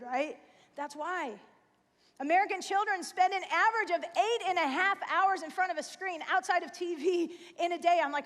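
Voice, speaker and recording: A woman's voice: high voice, fairly even intonation, fairly quick, fairly bright tone. A woman in her forties giving a casual, emphatic sermon to parents in a church, full of "like" and "right?". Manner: chatty, emphatic, fillers like "like" and "right?". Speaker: church speaker. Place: church sanctuary. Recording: long hall reverb.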